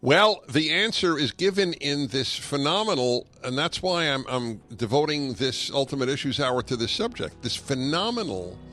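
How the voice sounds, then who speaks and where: A man's voice: medium pitch, lively intonation, normal speed, hardly any pauses, sharp tone. Earnest, emphatic male radio host. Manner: emphatic, earnest, sarcastic asides. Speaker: radio talk show host. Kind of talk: call-in radio talk.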